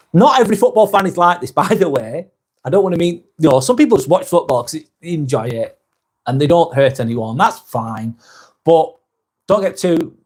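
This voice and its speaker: A man's voice: a little high, darkish tone. A man with a Lancashire accent hosting a live vlog, reading out viewer comments in a blunt, sweary, emphatic way.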